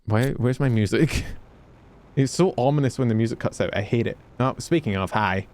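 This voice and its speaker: A man's voice: medium pitch, moderate pace, darkish tone. A Scottish man streaming a game, chatting casually with his viewers, joking and swearing freely as he plays. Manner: chatty, joking, swears freely, talks to chat while playing.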